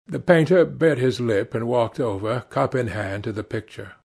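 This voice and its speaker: A man narrating a classic novel for an audiobook in a measured, expressive way. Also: medium pitch, creaky. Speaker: audiobook reader.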